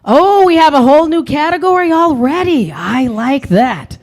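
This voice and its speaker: Brief: bubbly, high-voiced woman hosting a live comedy game. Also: animated, normal speed, a little mellow. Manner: bubbly, laughs often. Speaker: game show host.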